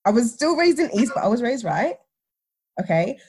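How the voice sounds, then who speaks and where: A woman, telling a personal story in a casual chat with lively, acted-out retellings. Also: fairly high pitch, moderate pace. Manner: animated, acts out others' lines. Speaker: podcast guest, teacher.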